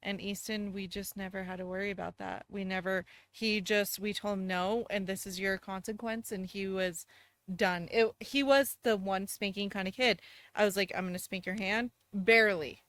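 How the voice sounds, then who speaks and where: A woman guest on a comedy podcast, telling animated, teasing stories about her children in casual chat. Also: medium pitch, moderate pace, dry recording. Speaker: guest, wife of a host.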